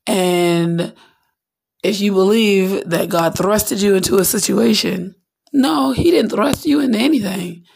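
Brief: rambling podcast host, woman, gravelly and breathy, candid, acts out bits. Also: medium pitch, a little slow, a little mellow. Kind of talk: casual spiritual monologue.

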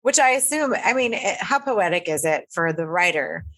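Lower-voiced young woman, giggly chatter. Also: normal speed. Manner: animated, laughs often, trails off mid-sentence. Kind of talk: casual chat.

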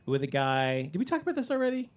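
A middle-aged man hosts a loose podcast conversation in a slightly higher-than-average voice. He tells stories with animated energy, laughs easily and slips into quick impressions of the people he describes. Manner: animated storyteller, laughs often, acts out quotes. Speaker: podcast host. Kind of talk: casual chat.

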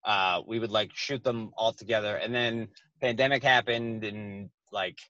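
A man's voice: lowish voice, fairly even intonation, normal speed, sharp tone, no room sound. A man, chatting casually as a comedian guest and rambling with lots of "like" and swearing. His voice sounds dull and lo-fi in a dry, dead space. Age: 20s. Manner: thick accent, swears a lot, rambling with many "like"s. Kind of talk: casual podcast chat.

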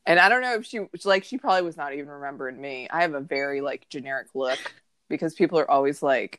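A woman's voice: rumbling low, fast, a bit bright, dry recording, clean studio sound. A woman co-hosting a podcast, chatting casually with a sarcastic, gossipy manner. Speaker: podcast co-host. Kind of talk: casual chat.

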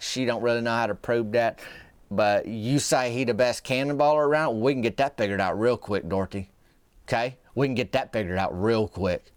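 A man's voice: medium pitch, no echo. A man telling a folksy comic story in a rambling, drawling small-town gossip manner. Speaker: comedic podcast host.

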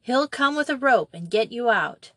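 A woman's voice: on the high side, expressive, moderate pace, fairly bright tone, no room sound, pitched above the performer's own voice. A woman voicing a brave but scared young girl who speaks urgently and tries to sound firm. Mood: anxious, urgent.

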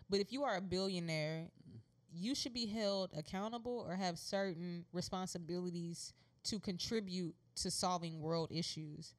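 American woman cohosting a laid back chat, teasing, laughs a lot, lowish voice. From United States. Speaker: podcast co-host. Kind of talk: casual chat.

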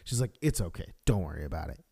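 A man's voice: sits low, fast talker, vocal fry, slightly rough. A man co-hosting a casual podcast, telling a story with lots of swearing and acted-out voices. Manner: animated storyteller, swears a lot, acts out yelling characters. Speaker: podcast co-host. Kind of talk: casual chat.

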